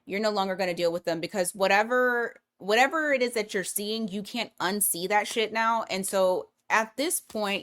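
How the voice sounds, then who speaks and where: A woman's voice: mid-range voice, normal speed, hardly any pauses, a bit bright. A woman giving a casual weekly tarot reading, blunt and profane, thinking aloud as she pulls cards. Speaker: tarot reader.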